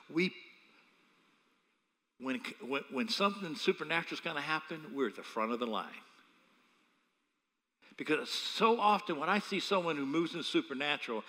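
A man, a pastor, preaching a sermon with animated, humorous storytelling. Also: medium pitch, big-room sound.

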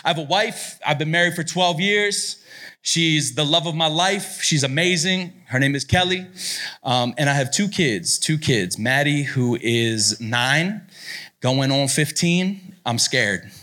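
A man in his late thirties, a pastor giving a playful, loud, joking talk to a youth retreat crowd. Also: a little high, lively intonation, measured pace. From Italian-American. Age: 30s. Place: retreat hall before a live audience.

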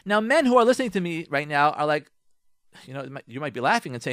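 A rabbi giving marriage advice on the radio, animated and acting out spouses in mock voices. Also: male voice, fairly high pitch, fast talker, no room sound, studio quality. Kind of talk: radio talk, advice monologue.

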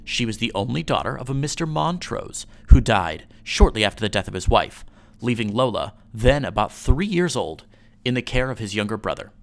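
A man hosting a podcast, reading an old newspaper story aloud in a measured storytelling way. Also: mid-range voice, very animated, vocal fry, soft background music.

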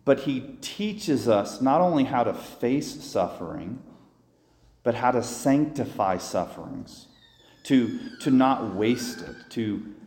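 A man's voice: mid-range voice, darkish tone. A man, a priest, giving a sermon in a plain, conversational way, talking through the prayers he describes. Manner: earnest, conversational preaching with restarts and voiced inner prayers. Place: church. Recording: echoey church hall.

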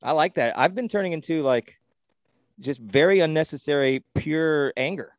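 Excitable, profane man, dry close sound. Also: a little high, normal speed, dry recording. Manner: rambling, excitable, profane, frequent restarts. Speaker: podcast co-host. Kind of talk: casual sports chat.

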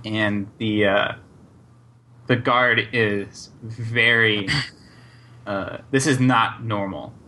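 A man narrating as game master in a tabletop game, halting and full of fillers. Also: lowish voice, fairly even intonation, pushed and bright. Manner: unhurried, halting, lots of fillers.

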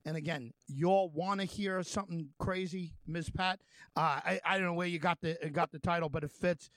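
A male radio host interviewing a guest, talking in halting, rambling runs with many fillers and restarts. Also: a little high, fairly even intonation, fairly bright tone, dry recording.

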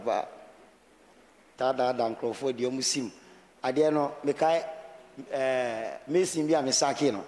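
A man's voice: a little high, a little mellow, in a large hall. A man with a Ghanaian accent preaching a sermon as pastor, talking conversationally and mixing Twi with English.

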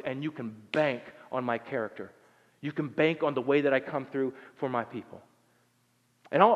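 A man preaching a sermon in a relaxed, conversational way, with many fillers and restarts. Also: on the high side. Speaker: pastor. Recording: dull sound with long hall reverb.

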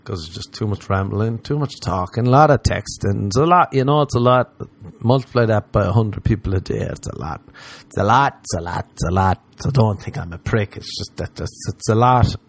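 An Irish man doing stand-up comedy, rambling through profane stories and mocking people in put-on high voices. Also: a little fast. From Ireland.

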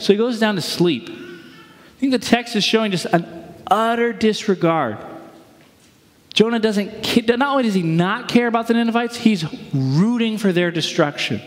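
A man's voice: high-pitched, normal speed. A male pastor giving a sermon in a casual, conversational way with slang and rhetorical questions, in a church. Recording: long hall reverb.

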